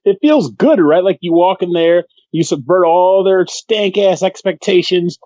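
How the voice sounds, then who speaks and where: A man's voice: sits high, a little slow, dry recording, highs cut off. A man co-hosting a podcast in casual chat, telling stories with a lot of swearing and acting out the voices of the people he quotes. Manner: animated storyteller, swears freely, acts out the people he quotes. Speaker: podcast co-host.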